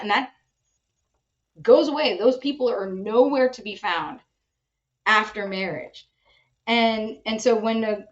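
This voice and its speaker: A woman's voice: a little high, lo-fi sound. A woman hosting a podcast, telling stories in casual chat and acting out the voices she quotes. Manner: animated storytelling, acts out quoted voices. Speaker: podcast host.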